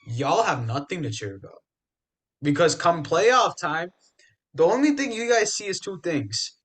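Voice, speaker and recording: A young man on a casual sports podcast, trash-talking rivals with big emphasis. His voice sits a bit high for a man. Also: very animated, unhurried, a bit bright, breathy edge. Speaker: podcast co-host.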